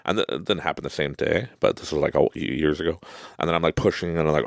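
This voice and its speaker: A man's voice: rumbling low, expressive, quick pace, gravelly, no room sound, clean studio sound. A man hosting a podcast, telling motivational stories in a rambling, casual way with many fillers and asides. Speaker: podcast host.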